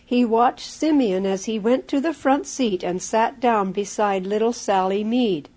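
A woman narrating a children's storybook aloud in a clear, measured way. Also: on the high side, a little mellow.

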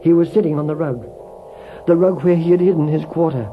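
A high-voiced man tells a children's story, expressive and swelling with feeling. The sound is tinny and narrow like a phone line, with faint music underneath. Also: fairly quick.

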